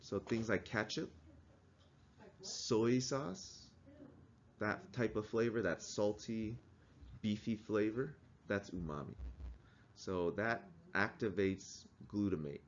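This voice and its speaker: Low-voiced guy teaching a class, asks students stuff, muffled lo-fi recording. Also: slow pace, long pauses, a little hiss or hum. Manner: asks the class questions, conversational. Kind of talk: classroom lecture.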